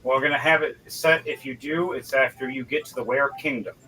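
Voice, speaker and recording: A man's voice: mid-range voice, steady tone, a little fast, sharp tone, a little hiss or hum, rough recording. A man narrating as game master of a tabletop role-playing session, in a loose, conversational way with frequent restarts.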